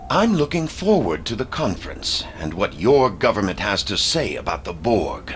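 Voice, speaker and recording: An actor playing a measured, wary male alien delegate in a video game, speaking with formal, deliberate diplomatic phrasing. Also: lowish voice, sing-song, a little hiss or hum.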